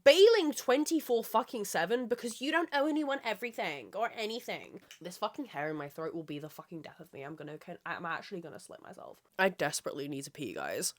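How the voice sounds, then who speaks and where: Woman doing a solo podcast rant, swears a lot, goes off topic, voice swoops all over. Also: mid-range voice. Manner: ranting, heavy swearing; rambling, loses her train of thought. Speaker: podcast host.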